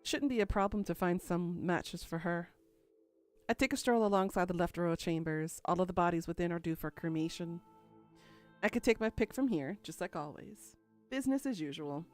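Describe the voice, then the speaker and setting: A woman's voice: fairly low pitch, moderate pace, darkish tone, soft background music. A woman narrating a first-person story in a dry, musing, inward way.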